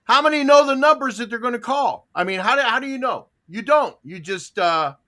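A man's voice: very high-pitched, expressive, brisk, pushed and bright. A man hosting a casual call-in chat show who chats animatedly and reads listener comments aloud. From Pacific Northwest. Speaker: show host.

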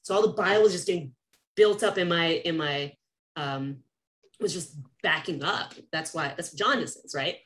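A woman's voice: normal speed, slight background noise. A woman hosting a podcast, telling a personal story in casual conversation and acting out the people she quotes. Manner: animated, acts out quoted people with big pitch jumps and laughs.

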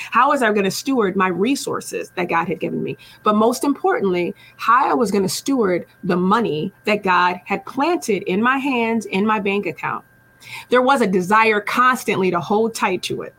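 A woman's voice: mid-range voice, a bit bright. A woman hosting a talk about faith and money, explaining a parable in a conversational way and often checking in with the listener. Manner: conversational, with frequent tag questions and slang. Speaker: host. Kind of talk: faith-based personal finance teaching.

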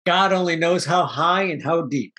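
A man chatting casually as a podcast co-host, animated, acting out lines from a film and laughing often. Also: on the high side, moderate pace, crowd noise. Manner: animated storyteller, acts out movie quotes, laughs often. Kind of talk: casual chat.

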